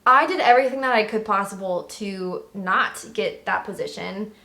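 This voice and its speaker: A woman's voice: medium pitch, normal speed, gravelly, pushed and bright. A young woman, a Navy veteran, chatting casually on her channel, telling stories and laughing often. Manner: bubbly, laughs a lot, storytelling. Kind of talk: casual chat.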